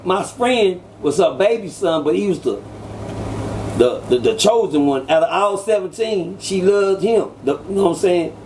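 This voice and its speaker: A man telling old street stories as an interview guest, animated and acting out quoted voices. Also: moderate pace, slight background noise. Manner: animated, acts out quoted voices with sudden pitch jumps. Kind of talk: casual storytelling.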